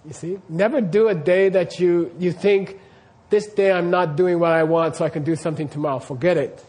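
A man's voice: high voice, fairly even intonation, brisk, darkish tone. A man teaching Buddhist practice to a class, putting questions to the students and often checking that they follow. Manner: quizzes the class, keeps checking "you see what I mean?".

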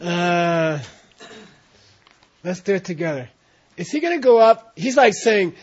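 A man's voice: high-pitched, big pitch swings, a little slow, long pauses, husky. A man teaching a class, often checking in with his students as he explains, in a dull lo-fi recording of a classroom. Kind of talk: classroom instruction.

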